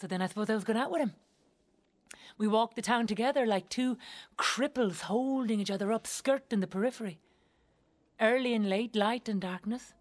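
A woman's voice: a little high, normal speed, lightly acted. An actress with an Irish accent performing a theatrical monologue as a young Irish woman who speaks in an earthy, wry and blunt way and swears freely.

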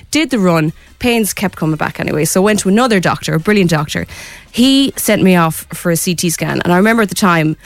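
A woman's voice: fairly low pitch, fast talker, no echo. A woman with an Irish accent, a returning radio guest, telling her story in a chatty, candid way. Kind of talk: radio interview chat.

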